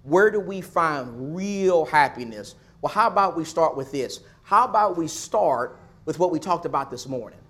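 A man preaching a sermon to his church, stacking rhetorical questions and repeated phrases, now pressing loud, now dropping soft. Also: a little high, lively intonation, normal speed. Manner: swings between loud pushes and soft asides.

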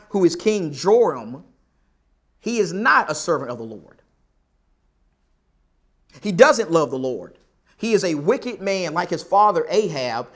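A man preaching a sermon in an animated way, acting out the characters' lines as he tells the story. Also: high-pitched.

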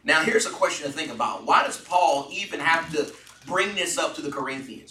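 A man's voice: a little high, animated, fairly quick, bright, forceful tone. A man leading a Bible study, earnestly asking the group questions. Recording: echoey room from far off.

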